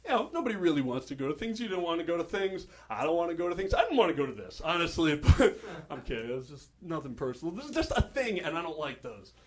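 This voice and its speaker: A man's voice: fairly high pitch, big pitch swings, fast talker. A young man from New Jersey doing a stand-up comedy set on a club stage, wry and self-deprecating, with hesitant asides.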